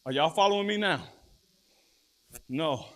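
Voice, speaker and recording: Preaching man, loud then low. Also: lively intonation, unhurried. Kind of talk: sermon.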